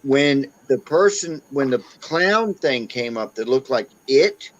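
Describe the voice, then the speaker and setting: A man's voice: mid-range voice, slow, lo-fi sound. A man hosting a casual chat, telling stories with lots of energy. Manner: animated storyteller, acts out voices. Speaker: host.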